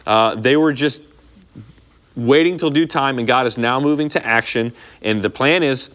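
A man's voice: mid-range voice, moderate pace, a bit bright. A man teaches scripture to a small group in an easy, conversational way. He keeps checking in with "okay?" and acts out the lines he quotes. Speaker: Bible teacher. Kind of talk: informal Bible study teaching.

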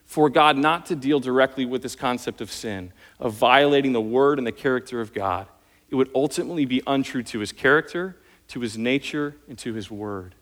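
A man's voice: mid-range voice, fairly quick, fairly bright tone. A male pastor preaching a sermon earnestly, building intensity on his key points. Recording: long hall reverb.

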